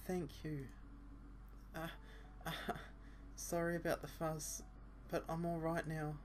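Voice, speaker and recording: A shy but determined teenage schoolgirl from a visual novel, put on by a man reading aloud, pleading through the pain in a raised, soft voice. She speaks slowly and tenderly. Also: a little high, little pitch movement, slight background noise, voice pushed up. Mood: tearful. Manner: pained, pleading.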